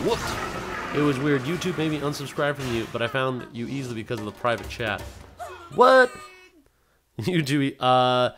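A young man live-streams a game, rambling casually, reading chat messages aloud, and erupting into hyped shouts. His pitch is medium, and music plays in the background.

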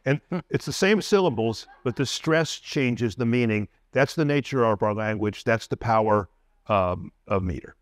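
A man's voice: medium pitch, expressive, normal speed, dry recording, studio quality. A man speaking as a panelist to a live audience, explaining things at length with spoken examples. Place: event hall at a live panel.

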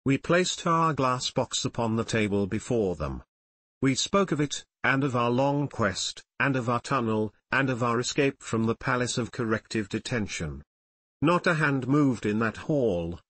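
A man with a husky voice narrates an audiobook in a steady, solemn way. His pitch sits in the middle, and the recording is close and dry with no room sound. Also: no echo.

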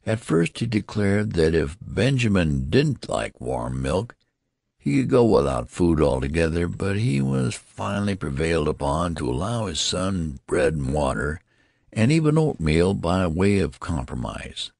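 A man reading an audiobook aloud in a slow, measured way, giving the dialogue lively voices. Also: deep voice, creaky, dry recording, studio quality. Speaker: audiobook narrator. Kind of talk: scripted audiobook narration.

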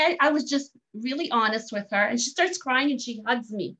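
Animated woman telling a story. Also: a little high, slow pace, hardly any pauses. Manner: animated, laughs often, restarts lines. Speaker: guest sharing a story. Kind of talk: casual storytelling. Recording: dull lo-fi sound.

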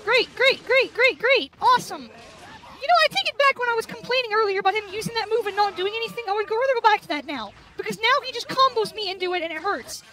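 A woman's voice: very high-pitched, expressive, fast talker. A woman gamer doing let's play commentary, furious and swearing constantly at the game.

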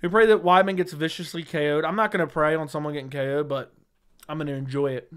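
A man's voice: on the high side, steady tone, quick pace, fairly bright tone, smooth. A man hosting a casual livestream, reading viewer chat aloud and giving blunt, sarcastic, slangy replies into a studio microphone.

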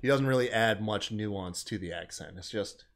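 A man's voice: fairly low pitch, normal speed. Laid-back male podcast co-host. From American South. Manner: laid-back, jokey, acts out quotes in voices. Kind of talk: casual chat recapping wrestling.

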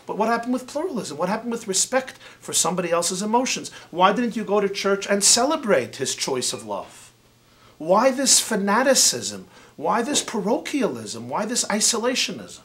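A male rabbi lectures with a high, ringing voice that climbs and dips all over the place. He tells his story theatrically and plays out every exchange. His tone stays bright and forceful throughout. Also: normal speed. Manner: animated and theatrical, acts out dialogue. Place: university lecture event.

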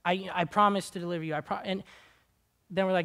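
A man's voice: high voice, normal speed, a bit bright. A man preaching a sermon in a church, talking in a casual, earnest, conversational way that turns impassioned.

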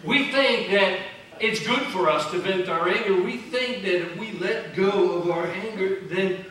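A high-pitched man preaches to his congregation, talking plainly and pressing his points with repetition. His voice rings through a very reverberant church, picked up from a distance with a faint hiss underneath. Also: a bit bright. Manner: conversational, emphatic preaching with repeated phrases. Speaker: pastor. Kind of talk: sermon. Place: church sanctuary.

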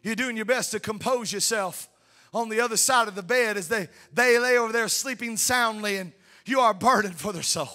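A man preaching a sermon, fervent, swinging between shouted peaks and hushed tender asides. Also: sits high, moderate pace. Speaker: pastor. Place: church sanctuary.

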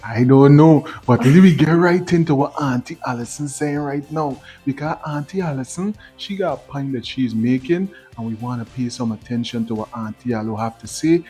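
A man's voice: mid-range voice, mellow, slightly rough. A man hosting a vlog, chatty and hyping up his viewers. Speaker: vlog host. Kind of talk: casual commentary.

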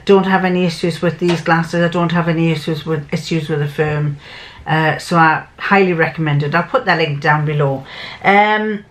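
An older woman vlogs about sewing, talking casually to the camera in a fairly low voice. She rambles, often stopping mid-sentence to restart or correct herself.

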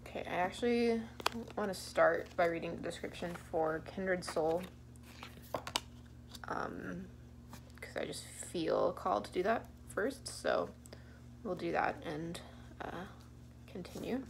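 Young woman, tarot reader, gravelly voice, laid-back, giggly, faint hum behind. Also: fairly low pitch, animated, takes it slowly, long pauses. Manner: laid-back, giggly, thinks aloud with fillers. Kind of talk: casual pick-a-card tarot reading.

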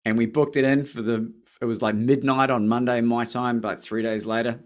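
A man from Australia with an Australian accent, a podcast guest telling his story in casual chat, lively and acting out phone calls. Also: medium pitch, moderate pace. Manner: animated, acts out phone calls with rising excitement.

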